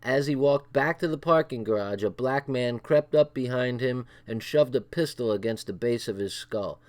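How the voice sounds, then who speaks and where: Male streamer, mid-pitched, reads a crime book aloud in a casual way, with asides to his chat. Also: normal speed. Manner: reads with asides, swearing and chuckles; breaks off to check the chat. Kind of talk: casual livestream book reading.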